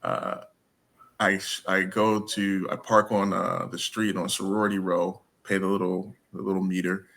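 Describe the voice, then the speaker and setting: A man telling stories as an interview guest in a casual, animated way, acting out the dialogue. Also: sits low, moderate pace, vocal fry. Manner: animated, acts out dialogue with laughs. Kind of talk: casual storytelling.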